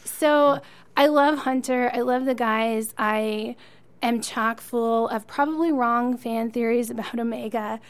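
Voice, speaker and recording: A woman's voice: a little high, steady tone, measured pace, clear, resonant tone. A woman co-hosting a podcast, chatting enthusiastically as a fan and laughing often. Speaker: podcast co-host. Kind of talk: casual chat.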